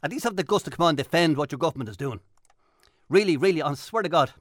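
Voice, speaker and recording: An Irish man rants on a talk radio show, emphatic and fired up, repeating his points for punch. His voice sits a touch high for a man and rushes along quickly. The studio sound is close and dry. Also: expressive, dry recording. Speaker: radio host. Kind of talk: impassioned talk radio monologue. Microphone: studio microphone.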